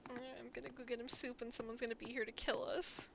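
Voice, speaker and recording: A woman streaming a game live, reacting emotionally with loud exclamations and swearing. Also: on the high side, flat delivery, fast, creaky, background noise.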